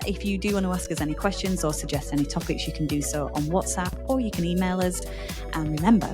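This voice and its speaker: Yorkshire lady cohosting a podcast, bit low pitched, bubbly and jokey, soft music under. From Yorkshire, England. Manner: bubbly, playful, mimics voices. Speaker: podcast co-host. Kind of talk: casual chat.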